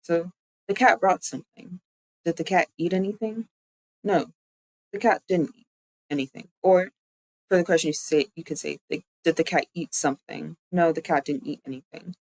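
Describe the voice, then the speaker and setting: A VTuber streamer teaches a language on a live stream, explaining step by step and slowly repeating words. The voice is mid-range and gravelly, with no room sound and poor audio quality.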